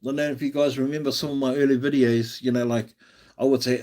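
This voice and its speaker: An Australian man hosts a live stream, chatting casually and encouragingly and often restarting his sentences. His voice is medium in pitch, brisk, and dark in tone.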